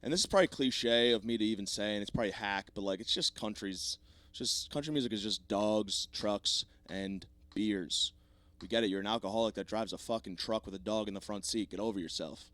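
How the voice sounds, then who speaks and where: A man's voice: on the low side, fairly quick, a bit bright, no echo. Profane rambling man, dry close mic. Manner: profane, rambling, self-mocking. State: slightly sore voice. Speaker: podcast host. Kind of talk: comedic solo podcast rant.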